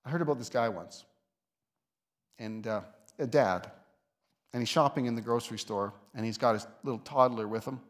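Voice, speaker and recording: Pastor guy giving a chatty sermon in church, mid voice, gets louder on the big points. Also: medium pitch. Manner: conversational, with soft asides and lifted emphasis. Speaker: lead pastor. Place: church sanctuary.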